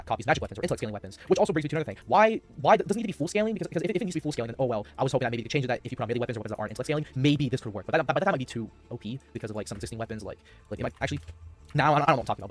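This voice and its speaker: A man's voice: mid-range voice, big pitch swings, very fast. A man explaining a game build in a rambling way, stumbling and restarting often. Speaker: game video creator. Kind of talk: gameplay explainer.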